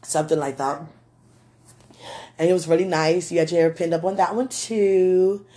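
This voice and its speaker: A woman rambling through a personal message to a man, gushing and giggling often, with a slight lingering throat-clearing. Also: lowish voice, fairly even intonation, normal speed, mellow. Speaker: admirer speaking to a man on video.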